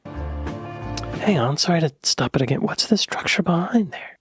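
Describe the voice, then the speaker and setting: A man hosting a reaction video. He talks in a playful, joking way and often drops into soft whispered asides. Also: on the high side, lively intonation, measured pace, soft background music. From United States. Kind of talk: casual reaction commentary.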